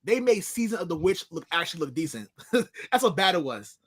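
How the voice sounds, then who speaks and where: Man, high bright voice, very lively pitch, blunt jokey asides, casual podcast chat. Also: a little fast, slightly rough. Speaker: co-host of a sports podcast.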